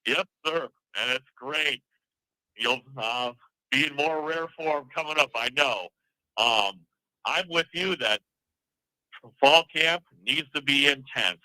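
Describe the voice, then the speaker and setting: A man calling in to a sports show, speaking calmly and easygoingly with some hesitation. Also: mid-range voice, slow pace, long pauses, no room sound, low-quality recording. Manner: calm, easygoing, hesitant with fillers. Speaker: caller. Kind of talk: phone-in chat.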